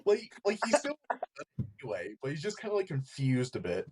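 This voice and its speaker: A man's voice: medium pitch, wildly swooping pitch, moderate pace, background noise. A man playing a tabletop game, talking in a hesitant, laughing way. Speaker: player.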